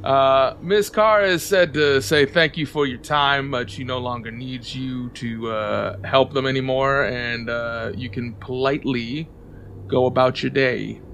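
Give me a man playing a gruff, bullying castle guard who shoves people around, voiced at a tabletop game. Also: medium pitch, steady tone, a little slow, a bit bright, slight background noise. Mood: dismissive. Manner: gruff, pushy threats.

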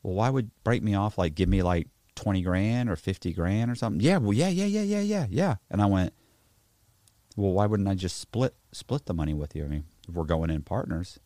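A man telling a story in casual chat, profane and animated, acting out both sides of a conversation. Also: low voice, brisk, no echo. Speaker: podcast host telling a story.

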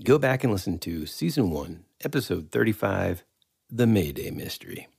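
Deep gravelly male podcast host. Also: big pitch swings, moderate pace, a little mellow, no echo, clean studio sound. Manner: rambling, searches for words, teasing. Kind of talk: casual podcast banter.

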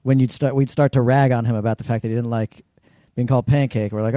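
A man co-hosting a podcast in loose, casual chat. His voice is mellow and dark, and the recording is dry and close. He tells anecdotes with plenty of casual profanity. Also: mid-range voice, steady tone, quick pace, no room sound. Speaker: podcast co-host.

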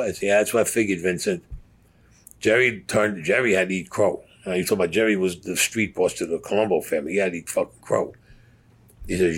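Husky New man telling blunt stories. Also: fairly low pitch, a little fast. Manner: blunt, profane, acts out quoted voices. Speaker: interviewee recounting mob stories. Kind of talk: casual storytelling.

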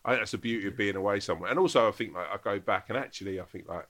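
A man's voice: lowish voice, racing. A man, an actor and comedian, telling a casual anecdote with lots of swearing. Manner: animated storyteller, swears a lot.

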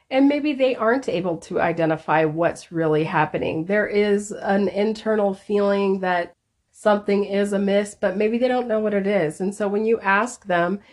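A woman's voice: medium pitch, darkish tone. A woman co-hosting a podcast, talking in an affirming, reflective way. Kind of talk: podcast conversation.

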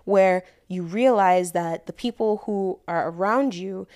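A woman's voice: medium pitch, a little slow, a little mellow. A woman co-hosting a podcast, talking earnestly and thoughtfully in casual chat, often with "like" as filler. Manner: earnest, reflective, peppers speech with "like". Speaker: podcast co-host.

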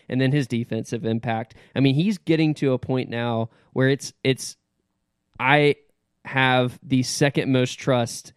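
A man co-hosting a casual sports podcast, giving measured analysis and handing off to others. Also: medium pitch, clean tone, no room sound, clean studio sound. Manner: measured, analytical, passes the mic. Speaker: podcast co-host.

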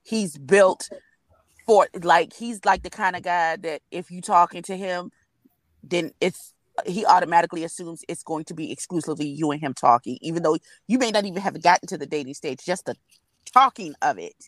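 Woman panelist in a car, candid, lively, dry sound. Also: on the low side, normal speed, dry recording. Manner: candid, animated storytelling. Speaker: review panel guest. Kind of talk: casual chat. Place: sitting in a car.

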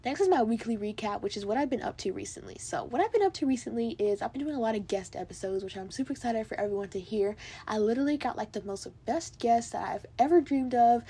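A woman's voice: fairly high pitch, animated, fast talker, mellow, husky. A young woman with an American accent hosting her own podcast, gushing and chatty, full of "like" and "literally". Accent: General American. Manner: bubbly, gushing, lots of "like" and "literally". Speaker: podcast host. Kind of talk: casual solo podcast chat.

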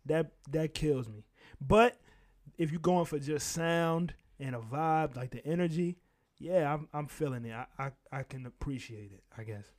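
Young man, podcast co-host, blunt, opinionated, slightly high voice. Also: moderate pace. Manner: blunt, opinionated, swears freely. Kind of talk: casual chat.

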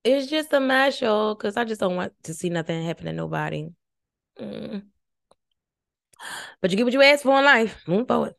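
A woman's voice: mid-range voice, expressive, normal speed, vocal fry, long pauses, fairly bright tone, dry recording, studio quality. A woman hosting a podcast, giving casual, rambling commentary on a reality show with lots of swearing. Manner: rambling, profane, chatty. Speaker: former nursing and medicine worker.

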